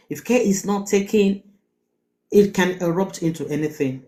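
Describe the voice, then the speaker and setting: With a warm voice pitched normally for a woman, this middle-aged Nigerian-accented advice host talks at an everyday pace to her live-stream audience about relationships. She hammers her points, repeats herself and fires off rhetorical questions.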